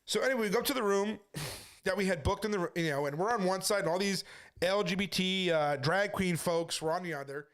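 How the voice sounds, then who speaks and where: High-voiced man telling a story. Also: fairly bright tone. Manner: brisk retelling full of quoted back-and-forth. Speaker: street preacher. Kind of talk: casual storytelling monologue.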